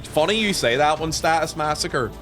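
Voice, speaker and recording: A young man from Northern Ireland with a softened Northern Irish accent, chatting and joking casually with his stream viewers. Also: on the high side, lively intonation, normal speed, faint music behind.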